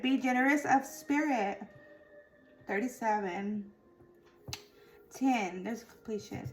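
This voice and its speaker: A woman doing a tarot and oracle card reading, reading card meanings aloud and often dropping to a soft murmur. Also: a little high. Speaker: tarot reader.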